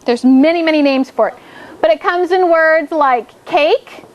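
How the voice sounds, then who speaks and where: An upbeat woman teacher leading a phonics drill in a classroom, her voice pitched high and bright. She coaxes the children along playfully, with a faint hum of room noise behind her. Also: a little slow, dull audio. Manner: upbeat, coaxing, playful game framing.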